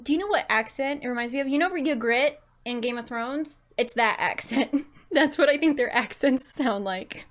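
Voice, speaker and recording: A woman's voice: sits high, animated, normal speed, few pauses, fairly bright tone. A woman gaming streamer chatting and joking casually while playing. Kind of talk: casual let's-play commentary.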